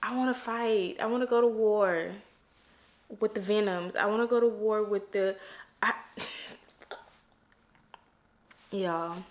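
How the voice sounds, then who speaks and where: A young woman chatting casually in a reading vlog, expressive and exasperated, often stopping and restarting her sentences. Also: mid-range voice, normal speed. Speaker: book vlogger.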